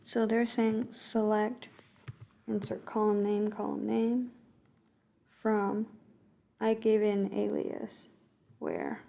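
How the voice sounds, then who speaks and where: A woman's voice: medium pitch, expressive, slow pace, gravelly, long pauses, mellow. A woman thinking aloud as she works through a coding exercise, correcting herself and murmuring code as she types. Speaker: coding tutor. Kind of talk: screen-recorded coding walkthrough.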